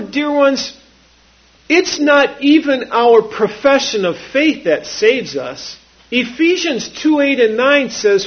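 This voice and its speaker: Male preacher, husky voice with a lively sweeping delivery, dull lo-fi recording. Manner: slow, emphatic preaching with sweeping pitch and repeated phrases. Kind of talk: sermon.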